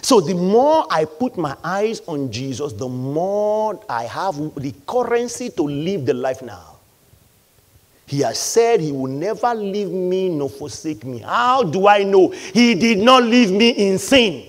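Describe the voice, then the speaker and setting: A man's voice: sits high, big pitch swings, unhurried. A man preaching a sermon. He talks emphatically, repeats key lines and acts out voices from the congregation. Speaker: pastor.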